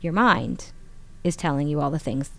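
A woman in her forties telling a personal story in a casual interview, animated and acting out the voices of others. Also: moderate pace, creaky. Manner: animated, acts out quotes with rising pitch. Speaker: guest.

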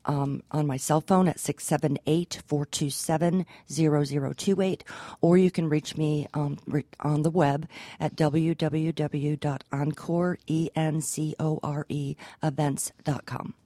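A woman who runs an event rental business, speaking as a radio guest in a businesslike way with many pauses and ums. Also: deep voice, steady tone, mellow, no echo. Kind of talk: radio interview chat. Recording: dry studio mic.

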